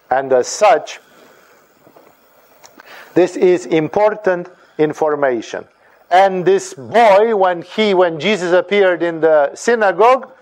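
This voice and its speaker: Slightly high-voiced man teaching scripture. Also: darkish tone. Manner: deliberate, emphatic, repeats phrases. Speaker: spiritual teacher. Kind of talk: sermon-like scripture commentary.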